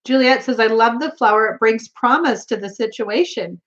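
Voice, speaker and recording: A woman's voice: a little high, moderate pace, fairly bright tone, lo-fi sound. A woman hosting a casual tarot live stream, chatty and giggly, reading out viewer comments, with a runny nose. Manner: giggly, chatty, laughs often. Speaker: tarot livestream host.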